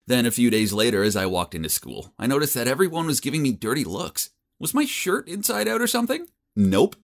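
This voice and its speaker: Young male narrator, self-deprecating and wry, very lively pitch. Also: brisk, creaky. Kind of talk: storytelling narration.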